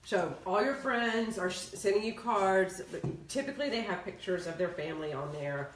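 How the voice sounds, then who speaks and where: A woman's voice: mid-range voice, normal speed, a little hiss or hum. A woman co-hosting a casual chat, giving organizing tips and telling stories with frequent laughter. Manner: lively, laughs often, animated storytelling. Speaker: co-host. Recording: echoey room, mic at a distance.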